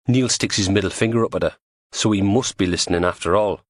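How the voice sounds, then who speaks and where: A man's voice: fairly low pitch, fast, no room sound. A man narrating an audiobook crime thriller in a dry, wry storytelling manner on a close studio mic.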